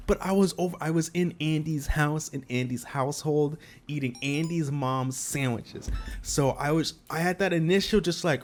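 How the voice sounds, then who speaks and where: A young man telling a rambling personal story in casual chat, full of restarts and flaring up loud when annoyed. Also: fairly high pitch, moderate pace, a little hiss or hum. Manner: rambling with many restarts, gets worked up and loud. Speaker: podcast host telling a story.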